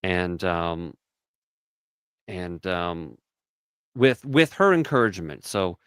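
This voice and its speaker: A man co-hosting a casual podcast, rambling with many restarts and mocking others in shrill put-on voices. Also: sing-song, slow pace, a bit bright, clean tone, no room sound. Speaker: podcast co-host. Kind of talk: casual chat.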